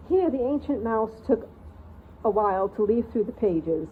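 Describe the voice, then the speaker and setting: Lady reading a storybook out loud, expressive, phone-line tinny audio with faint hiss. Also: fairly high pitch, unhurried. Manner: expressive, lively read-aloud narration. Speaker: reader of a channel read-aloud. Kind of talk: storybook narration.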